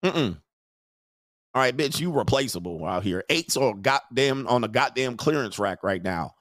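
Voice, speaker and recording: A man hosts a livestream rant in a crude, mocking way and breaks into laughter often. His voice sits at an ordinary middle pitch. The sound is dry and close, with no room echo. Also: animated, normal speed, a bit bright. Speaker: show host.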